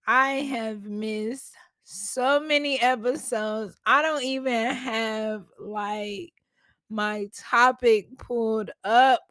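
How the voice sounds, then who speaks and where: A woman hosts a casual solo podcast from home, talking straight to her listeners in a chatty, slangy way. Her voice sits a little high and she takes her time with her words. The recording is dry and close, with almost no room sound. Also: steady tone, extremely slow, a bit bright, no echo. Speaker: podcast host. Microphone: podcast mic at a laptop.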